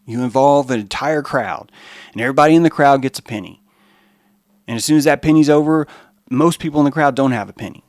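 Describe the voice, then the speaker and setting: A man hosting a podcast, giving an animated, profane, rambling monologue. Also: medium pitch, quick pace, dry recording, clean studio sound. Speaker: podcast host.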